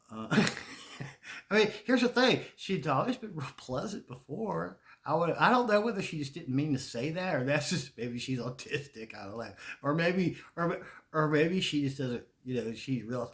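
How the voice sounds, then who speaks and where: A man's voice: on the high side, big pitch swings, normal speed, a bit bright. A Southern man in his forties, telling stories in a rambling casual monologue, swearing and restarting often. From Charlotte, North Carolina. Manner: profane, rambling, frequent restarts and laughter. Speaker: podcast host.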